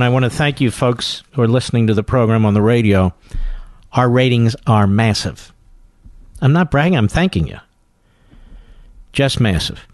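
A man hosting a talk radio show, delivering an emphatic, combative monologue and slowing down to hammer his points home. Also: mid-range voice, lively intonation, a little mellow, no echo, faint music behind.

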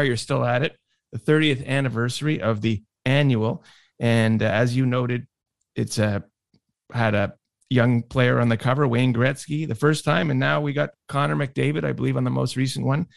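A male podcast host with a gravelly, mid-pitched voice asks his questions from prepared notes. The sound is dry and close. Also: no room sound. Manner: reads prepared notes and quotes. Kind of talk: interview questions.

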